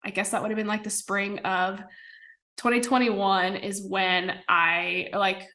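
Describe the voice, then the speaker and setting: This podcast guest, a young Midwestern woman, talks in a mid-range voice with a level tone, taking her time, and sounds pushed and bright. The casual interview chat is full of fillers and small laughs.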